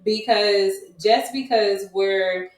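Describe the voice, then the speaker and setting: A woman guest on a podcast, speaking candidly and laughing often, lively when she mimics relatives. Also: medium pitch, slow pace, recorded from a distance. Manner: laughs often, animated when quoting others. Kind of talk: candid casual chat. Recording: roomy echo, off-mic.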